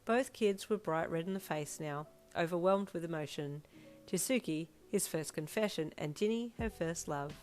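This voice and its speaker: A woman reading her fanfiction aloud in a gentle storytelling manner. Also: lowish voice, moderate pace. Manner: gentle storytelling, chatty sign-off. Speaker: fanfiction narrator. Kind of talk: scripted narration. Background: soft piano music.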